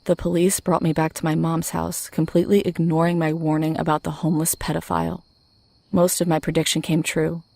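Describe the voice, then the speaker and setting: Low, flat-voiced woman narrator. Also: fairly quick, vocal fry, no room sound. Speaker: horror story narrator. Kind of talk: scripted narration.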